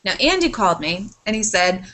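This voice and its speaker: A woman chatting on a podcast, telling a long story that keeps wandering off track. She swears casually, keeps apologizing and talks at an ordinary pitch. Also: very animated, fairly quick, pushed and bright. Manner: rambling, sidetracked storytelling. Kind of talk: casual chat.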